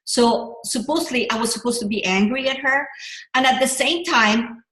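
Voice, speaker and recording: Middle-aged female coach, higher voice, rambling and animated, echoey room. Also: brisk. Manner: animated, rambling, with restarts and self-corrections. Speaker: business coach. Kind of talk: motivational workshop talk.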